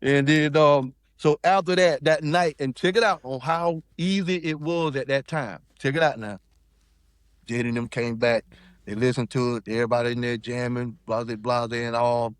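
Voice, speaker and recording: A man's voice: mid-range voice, steady tone, normal speed, clean tone, dry recording, clean studio sound. A man from South Carolina, telling a story in casual chat and acting out quotes in shifting voices. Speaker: podcast guest.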